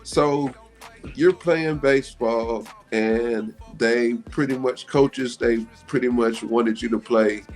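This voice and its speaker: A man hosting a radio interview, asking halting questions full of fillers and agreeing in short bursts. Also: medium pitch, fairly even intonation, darkish tone, soft background music. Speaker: radio show host.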